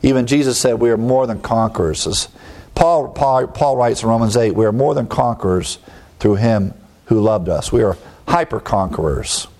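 A man preaching an expository sermon, explaining word meanings with emphatic rises in pitch and brief chuckling asides. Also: normal speed, darkish tone. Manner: emphatic teaching, leaping up in pitch on key words, chuckling asides.

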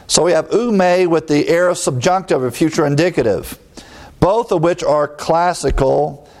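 A man preaching an expository sermon, explaining word meanings with emphatic rises in pitch and brief chuckling asides. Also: normal speed, a little mellow. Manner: emphatic teaching, leaping up in pitch on key words, chuckling asides.

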